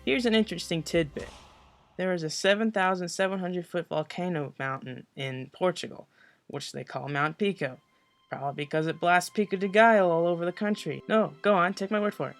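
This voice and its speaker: A man's voice: high voice, fairly quick, vocal fry, faint music behind. A teenage boy narrating a school presentation as a comedic voice-over, full of sarcastic, mocking asides. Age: teens. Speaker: student presenter.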